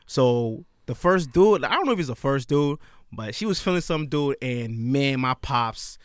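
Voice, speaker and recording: A man's voice: mid-range voice, animated, moderate pace, smooth, no room sound, clean studio sound. A young man in casual group talk, telling stories in a slangy way and laughing often.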